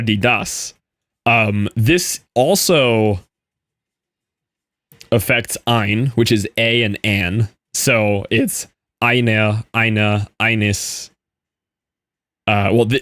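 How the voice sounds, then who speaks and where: A man's voice: on the low side, slow pace, a bit bright, no echo. Easygoing young American man, dry mic. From United States. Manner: rambling, explains things loosely with many "like"s. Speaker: gaming streamer. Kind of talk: casual chat while gaming.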